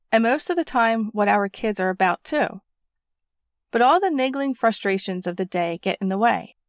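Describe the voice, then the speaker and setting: A woman reading a parenting audiobook aloud in a gentle storytelling manner, close to the mic. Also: a little high, no echo. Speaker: audiobook narrator. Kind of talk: scripted audiobook narration.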